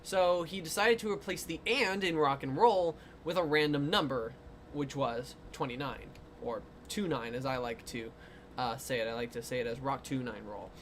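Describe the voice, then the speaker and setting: Bright, giggly, rambling with fillers, playful streamer, slight hum behind. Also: medium pitch, moderate pace. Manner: rambling with many fillers, breaks into giggling fits; self-mocking, playful. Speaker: artist streaming drawing requests. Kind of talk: casual livestream chat while drawing.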